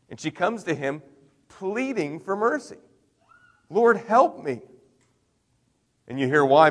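Brief: middle-aged male pastor, mid-pitched, conversational sermon delivery with emphatic swells. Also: in a large hall. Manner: conversational preaching with swings in loudness and emphasis.

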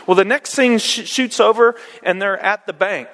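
A male preacher praying and then retelling a story in a folksy, animated way, with frequent fillers, in a church. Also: sits high, normal speed. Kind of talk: sermon storytelling. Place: church sanctuary. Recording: echoey hall reverb.

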